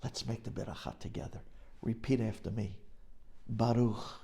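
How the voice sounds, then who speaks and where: A man's voice: high voice, expressive, unhurried, creaky, warm tone, voice pushed up, full character voice. A man doing an earnest older rabbi. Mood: gentle. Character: older rabbi, kind and grateful.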